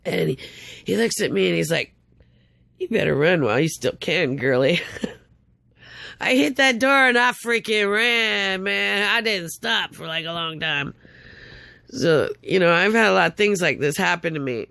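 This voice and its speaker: Gravelly older woman, upset and rambling. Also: mid-range voice, animated, measured pace, sharp tone, dry recording. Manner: rambling, stumbling restarts, bitter sarcastic laughs. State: upset, tongue-tied. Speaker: vlogger. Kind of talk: casual storytelling monologue.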